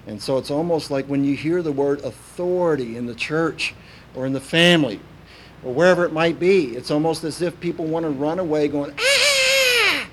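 A man's voice: a little high, fairly quick, a little hiss or hum. A man from preaching a sermon in a folksy, anecdotal way, with many "uh" fillers. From Kentucky, USA.

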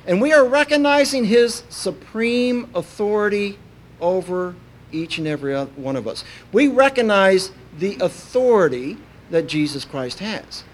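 A man from preaching a sermon in a folksy, anecdotal way, with many "uh" fillers. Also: high-pitched. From Kentucky, USA.

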